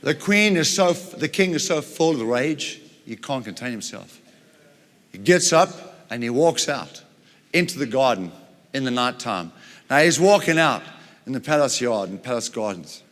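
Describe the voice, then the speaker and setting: A man delivers a storytelling sermon, retelling a Bible story with animation and frequent chuckles. His voice is medium-pitched at a normal speed, with the sound of a big room.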